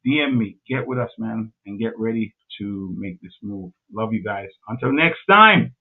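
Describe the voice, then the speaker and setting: A man's voice: on the low side, expressive, normal speed, slightly rough. A man hosting a livestream in casual chat, effusive and repeating himself, often saying "man". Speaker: livestream host. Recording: tinny phone-like audio.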